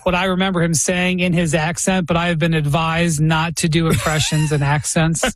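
A man's voice: on the high side, flat delivery, moderate pace, dry recording, clean studio sound. A man co-hosting a talk show, tossing in playful, teasing remarks. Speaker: podcast co-host. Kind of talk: casual chat.

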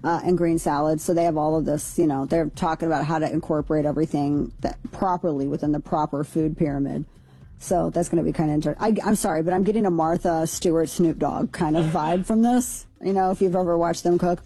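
A woman's voice: sits low, steady tone, a little fast, mellow, husky. A woman from Missouri, co-hosting a radio show, running through news stories in a chatty, opinionated, wry way. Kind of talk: casual news chat.

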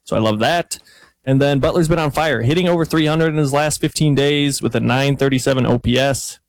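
A man's voice: mid-range voice, a little fast, dry recording. A man giving a baseball betting pick packed with statistics. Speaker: betting analyst. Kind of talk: stats-heavy betting pick.

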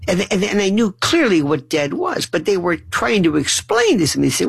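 Middle-aged male storyteller, raspy voice, swings high and low to act out relatives, trips over his words. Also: normal speed, hardly any pauses, poor audio. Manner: animated, acts out family dialogue in shifting voices; stumbling restarts and repeated words. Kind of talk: humorous personal storytelling monologue.

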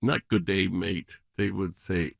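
A man's voice: low-pitched, fairly even intonation, unhurried, gravelly, slightly rough, no room sound, studio quality. A man who is a priest, talking reflectively as an interview guest, telling earnest stories and mimicking other people's voices. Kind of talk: reflective conversational storytelling.

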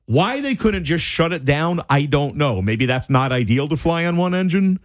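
A man telling a personal story in a casual, animated way, full of "like" and restarts. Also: on the high side, normal speed, no room sound, studio quality. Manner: animated, wide-ranging delivery, lots of "like" and restarts.

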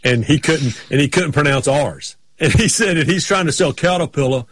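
A man's voice: on the high side, moderate pace, slightly rough, no echo. A man co-hosting a sports talk show, telling rambling anecdotes with frequent restarts in casual chat.

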